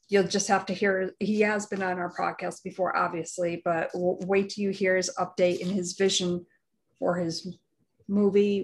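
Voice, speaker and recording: A woman co-hosting a podcast, chatting in a gushing, effusive way about upcoming guests. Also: fairly low pitch. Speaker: podcast co-host. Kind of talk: casual chat.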